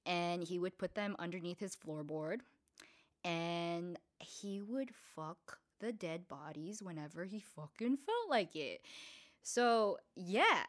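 A young woman hosts a laid-back storytelling podcast, swearing freely and leaning on fillers. She plays out quoted voices with sudden jumps in pitch and loudness. Her voice sits in an ordinary middle range for a woman. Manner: profane, chatty, many fillers; acts out quoted people with shifting pitch and loudness. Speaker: podcast host.

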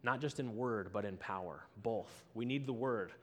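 A man's voice: fairly low pitch, normal speed, a bit bright. A man preaching a sermon, telling a story and acting out both people in the conversation.

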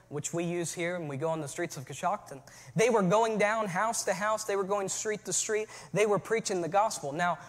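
A man preaching a sermon as pastor, moving from relaxed storytelling to shouted calls to his church. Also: high voice, big-room sound.

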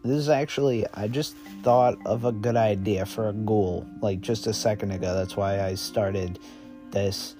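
A man's voice: fairly low pitch, fairly even intonation, moderate pace, music in the background. A young man telling an improvised second-person story, rambling casually and often correcting himself. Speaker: podcast storyteller.

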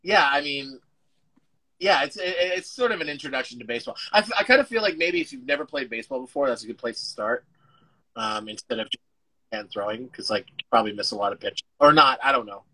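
A man's voice: mid-range voice, lively intonation, fast, bright, forceful tone, rough recording. A man, an actor guest, chatting casually over a video call, rambling and restarting his sentences, with the odd casual swear. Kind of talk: casual interview chat.

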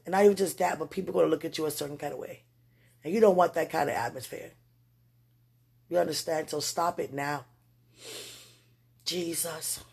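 A person who has just woken up, talking aloud to God in a spontaneous spiritual message. They ramble and swing from excited bursts to quiet murmurs. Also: medium pitch, creaky, slightly rough. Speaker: spiritual vlogger.

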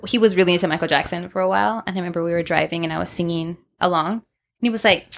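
A woman's voice: on the low side, rapid-fire, gravelly. A woman in casual chat, animatedly telling personal stories, acting out quotes and laughing often. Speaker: guest.

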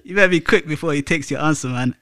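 A man's voice: a little high, quick pace, pushed and bright, clear, resonant tone, no room sound, studio quality. A young man co-hosting a podcast, chatting casually and teasing his friends with lots of laughter. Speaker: podcast co-host. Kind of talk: casual chat among friends.

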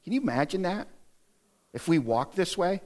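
A man's voice: very animated, moderate pace, darkish tone. A middle-aged male pastor giving an earnest, exhorting sermon in a church, lifting his voice to stress his points. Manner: earnest and exhorting, lists points, rises in pitch to stress them. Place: church sanctuary.

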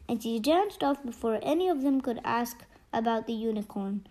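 A woman's voice: on the high side, expressive, moderate pace, few pauses, darkish tone, low-quality recording. A woman narrating a children's storybook steadily, with small slips. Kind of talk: storybook reading.

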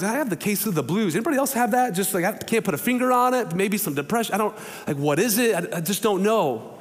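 A high-voiced male pastor keeps his sermon casual and chatty, weaving in stories and performing the voices he quotes. A long reverb tail follows him through the church sanctuary.

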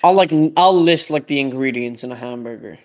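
A man's voice: medium pitch, fairly quick, darkish tone. A young man co-hosting a casual podcast chat, rambling with lots of fillers and laughing. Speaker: podcast co-host.

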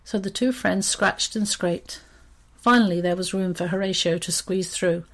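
Woman, storyteller, children's story, expressive reading, lowish voice. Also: a little slow.

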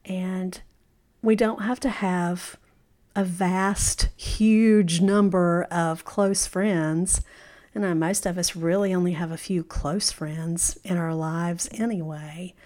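A woman's voice: fairly low pitch, fairly even intonation, slow. A middle-aged woman hosting a podcast, giving an encouraging talk and telling stories, often saying "you know" and laughing now and then. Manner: warm storytelling with frequent "you know" and laughs. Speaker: podcast host. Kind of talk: motivational podcast monologue.

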